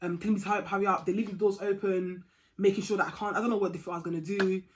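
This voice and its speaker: A young woman telling a storytime vlog story in a chatty, animated way, dropping to a hush and rising to heated outbursts. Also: medium pitch, rapid-fire, a little hiss or hum. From England. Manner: chatty and animated, swings from hushed to loud and heated. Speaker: vlogger.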